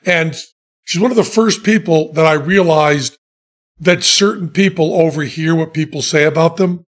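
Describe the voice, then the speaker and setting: A man telling funny stories in casual chat, deadpan and self-mocking, laughing at his own jokes. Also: on the high side, moderate pace. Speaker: podcast guest telling stories.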